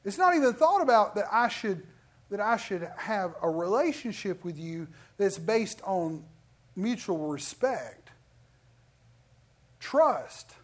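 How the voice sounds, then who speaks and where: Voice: medium pitch, slow. A middle-aged preacher giving an emphatic sermon with lots of restarts. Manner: animated, emphatic, with many restarts.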